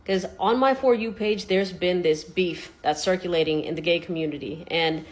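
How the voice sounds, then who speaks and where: A woman's voice: lowish voice, moderate pace. A woman ranting in a social media video, exasperated and profane.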